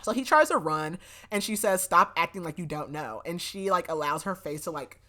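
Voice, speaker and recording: A woman's voice: lowish voice, expressive, moderate pace, bright, forceful tone. Chatty young woman recapping a book. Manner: chatty, lots of "like" fillers, laughs often. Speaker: podcast host. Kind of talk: casual book recap chat.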